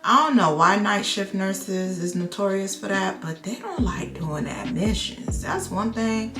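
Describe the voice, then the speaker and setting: A woman nurse vlogger telling a work story in casual chat, slangy and animated, acting out what people said. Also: medium pitch, a little slow, roomy sound, over music. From Florida. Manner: animated, slangy, acts out quotes.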